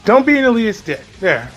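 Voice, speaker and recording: A man with a high voice rants through a reaction commentary, sarcastic and mocking, swearing freely and laughing at his own jabs. Faint music plays underneath. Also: sing-song, moderate pace, slightly rough, lo-fi sound. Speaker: commentary YouTuber. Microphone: home recording, off camera.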